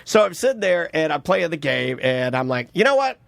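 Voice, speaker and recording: A man's voice: fairly high pitch, animated, normal speed, gravelly, dry recording. A man in his thirties, co-hosting a podcast and telling a rambling, joking family story with many restarts. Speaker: podcast co-host. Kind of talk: casual chat, storytelling.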